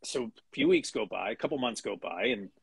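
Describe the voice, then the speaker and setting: A man's voice: medium pitch, wildly swooping pitch, brisk, creaky, slightly rough, no echo. A middle-aged man, a guest animation writer, chatting casually in an interview with many restarts, fillers and small chuckles.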